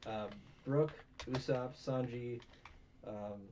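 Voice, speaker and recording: A man's voice: mid-range voice, slow pace, a little mellow. A tired young man hosting a casual review chat, rambling with many fillers and self-mocking asides. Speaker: podcast host. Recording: distant, dull mic with faint noise.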